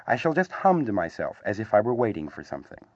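A man doing a slow-thinking kindly bear. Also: on the low side, wildly swooping pitch, a little mellow, no room sound, muffled recording. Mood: pondering. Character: slow-witted, kindly male teddy bear.

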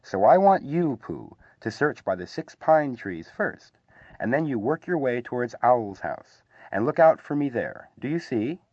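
A man voicing a brisk, bossy male rabbit who gives orders. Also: mid-range voice, very animated, a little mellow, no room sound. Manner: brisk, commanding. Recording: slightly dull, dry recording.

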